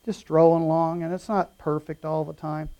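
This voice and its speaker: A middle-aged man preaching in a relaxed, storytelling way, his voice sitting notably high for a man. He jumps from punchy, raised emphasis to soft, almost muttered asides. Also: normal speed. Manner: casual storytelling with lively swings between loud and quiet. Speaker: pastor. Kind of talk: sermon.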